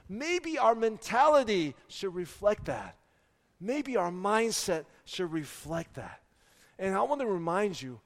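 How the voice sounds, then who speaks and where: A forty-year-old pastor preaching a sermon in a church, animated and full of rhetorical questions. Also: male voice, high-pitched, big-room sound. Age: 40s. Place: church sanctuary.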